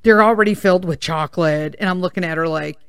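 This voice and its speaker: A woman with a lowish, gravelly voice rambles through a story on her podcast. She swears freely and keeps the telling animated. The sound is close and dry, with no room around her. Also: fast talker, dry recording. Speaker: podcast host. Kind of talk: casual storytelling monologue.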